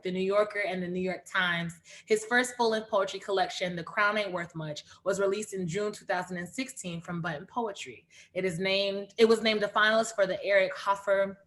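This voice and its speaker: A woman hosting a livestreamed poetry reading, lively and chatty, calling out names and urging the audience on. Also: medium pitch. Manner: lively, calls out names and cheers on the chat. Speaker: host of an online reading series.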